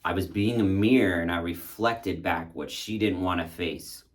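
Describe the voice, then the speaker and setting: A man's voice: sits low, moderate pace. A man casually telling a candid, reflective personal story and acting out his own past thoughts. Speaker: spiritual content creator.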